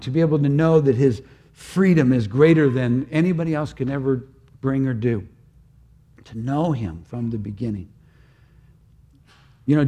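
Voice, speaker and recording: An older man preaching a sermon in an earnest, halting way, often restarting his phrases. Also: fairly high pitch, darkish tone.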